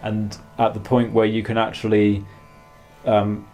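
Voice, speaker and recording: Man, guitar teacher, low voice, flat delivery, faint guitar music in background. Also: unhurried. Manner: calm, explains while demonstrating, counts beats aloud. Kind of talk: masterclass instruction. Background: guitar playing.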